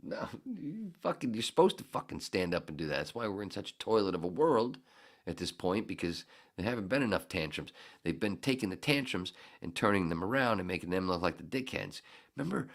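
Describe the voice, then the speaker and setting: A very deep, gravelly male voice from a man in his fifties hosting a podcast. He tells his stories in a loose, profane and worked-up way, with his pitch swinging up and down a lot. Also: fairly quick. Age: 50s. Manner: profane, heated, animated storyteller. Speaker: podcast host. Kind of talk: casual storytelling monologue.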